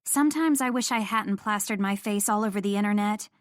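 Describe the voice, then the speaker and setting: A woman's voice: mid-range voice, a little fast, no room sound, studio quality. A young woman narrating a first-person romance audiobook in an intimate storytelling manner.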